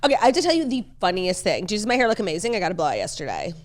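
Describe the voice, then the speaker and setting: A pregnant woman co-hosting a casual chat podcast, animated, laughing often and swearing casually. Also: medium pitch, rapid-fire. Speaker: podcast co-host.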